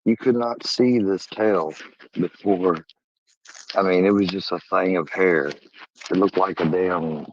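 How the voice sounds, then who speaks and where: A man's voice: deep voice, fairly bright tone. A man talks in a rambling, loose way on his livestream. He sounds like he is at home. The audio is a little dull and lo-fi. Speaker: livestream host. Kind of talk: casual livestream chat. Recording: slightly dull lo-fi stream audio.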